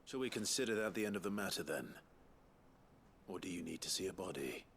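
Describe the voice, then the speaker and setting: Grim game hero, very deep voice, rises and falls a lot, terse. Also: male voice, expressive, a little fast, creaky, fairly bright tone, slight background noise, exaggerated voice. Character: grim young male swordsman hero. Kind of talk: video game dialogue.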